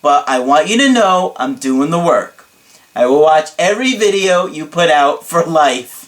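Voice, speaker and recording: A man's voice: fairly high pitch, animated, close to an everyday voice. A man doing a dramatic, gushing young guy. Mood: effusive. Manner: drawn-out, emphatic delivery. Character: excitable young male client, dramatic and effusive.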